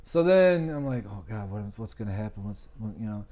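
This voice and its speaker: A man's voice: fairly low pitch, a little fast. A man guest on a podcast, chatting casually and acting out the voices of people in his stories. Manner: animated storyteller, acts out quoted voices. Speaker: podcast guest, business owner. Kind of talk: casual storytelling chat.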